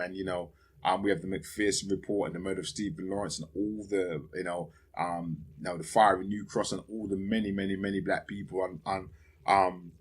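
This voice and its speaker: Husky, rambling podcast man. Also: on the low side, fairly bright tone. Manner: rambling, profane, laughs often, many fillers. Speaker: podcast host. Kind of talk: casual solo monologue.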